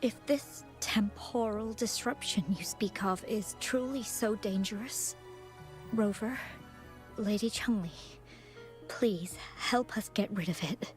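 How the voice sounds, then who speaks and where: A woman's voice: medium pitch, faint music behind, lightly acted. A woman voicing a frail, weary young woman. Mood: earnest. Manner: soft, slow and tired. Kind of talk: game character dialogue.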